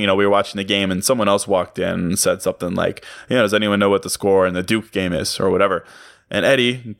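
A man's voice: on the low side, fairly bright tone, dry recording, studio quality. A young man hosting his own podcast, musing in a casual, self-mocking, rambling way with plenty of fillers. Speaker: podcast host. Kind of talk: casual solo podcast monologue.

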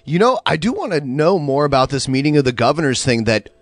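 A man's voice: fairly high pitch, big pitch swings, quick pace, no echo. Skeptical male host, dry close sound. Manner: skeptical, mocking.

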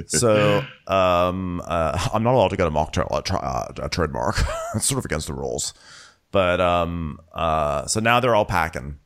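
A man's voice: low-pitched, lively intonation, moderate pace, fairly bright tone. A man co-hosting a comedic TV recap, playful and laughing, acting out quotes. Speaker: podcast co-host.

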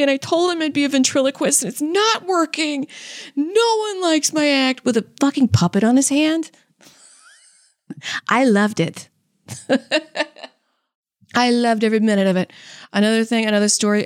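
A woman's voice: mid-range voice, a little mellow, dry recording, clean studio sound. A young woman, a stand-up comic and co-host, telling stories casually. She acts out what people said and laughs often. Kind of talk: casual storytelling.

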